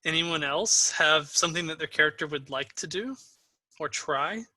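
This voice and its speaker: A man's voice: a little high, moderate pace, sharp tone, dry recording. A man narrating a tabletop game as game master, casual and laughing easily.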